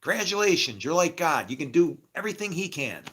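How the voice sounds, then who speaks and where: Animated man rambling about faith. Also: a little high, brisk, slightly rough. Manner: swears freely, acts out imagined dialogue, laughs often. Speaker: spiritual speaker. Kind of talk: rambling casual monologue.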